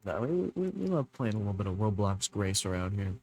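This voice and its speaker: A young man streaming a game live, chatting to his viewers, a little tired, with loud bursts of excitement. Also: lowish voice, a little fast. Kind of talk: live gaming commentary.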